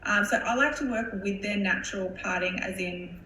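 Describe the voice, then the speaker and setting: Bright-voiced woman teaching hair styling live. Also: medium pitch, normal speed. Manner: chatty, filler-heavy, explains while working. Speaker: hairstylist educator. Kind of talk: live-stream tutorial. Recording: roomy with faint background hum.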